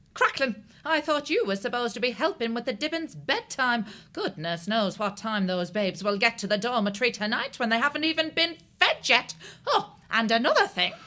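A woman's voice: sits high, bright, forceful tone, exaggerated voice. A woman voicing a fussy, bustling female vole nun who scolds.

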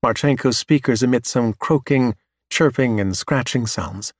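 A man reading a story aloud in steady, measured scripted narration. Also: mid-range voice, no echo, clean studio sound.

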